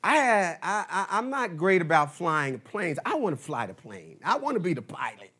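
A male pastor preaching a sermon, telling a story slowly and dramatically, swinging between loud and soft. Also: high voice, sing-song, breathy edge. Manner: slow dramatic storytelling with big swings in loudness.

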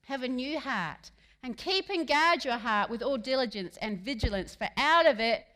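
Bright, lively woman preaching a sermon. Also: high-pitched, normal speed. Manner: lively and humorous, shifting between soft asides and loud emphatic lines.

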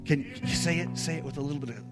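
A man preaching a sermon in a church, leading the congregation in call-and-response and rising to loud, emphatic peaks. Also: fairly high pitch, racing. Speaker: pastor. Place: church sanctuary. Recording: music playing behind.

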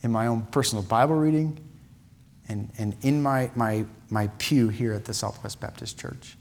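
A man's voice: mid-range voice, moderate pace, creaky, darkish tone. A man preaching a sermon in a church, impassioned, with repeated phrases and many restarts. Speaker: pastor.

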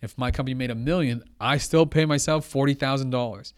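Young man, podcast guest, casual storytelling, animated, acts out dialogue. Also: medium pitch, fast. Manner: animated, quotes others, says blah blah.

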